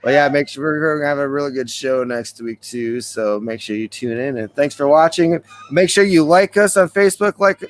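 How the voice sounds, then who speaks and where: A man's voice: a little high, moderate pace, few pauses. Resonant-voiced man hosting a chatty podcast. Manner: loose, rambling, chuckles often. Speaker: podcast host. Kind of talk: casual podcast chat.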